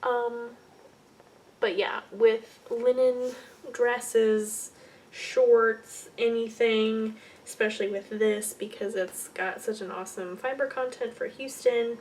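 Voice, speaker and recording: A young woman chats through a casual knitting podcast, rambling and correcting herself as she drifts into soft muttered asides. Her voice sits a little high and sounds a bit off the mic, with a faint hiss of room noise behind it. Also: steady tone, slow, recorded from a distance. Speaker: podcast host.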